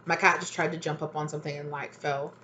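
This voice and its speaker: A woman's voice: deep voice, flat delivery, fast talker, background noise. A woman giving a casual, rambling tarot reading at home, full of fillers. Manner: chatty, rambling, many fillers. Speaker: tarot reader.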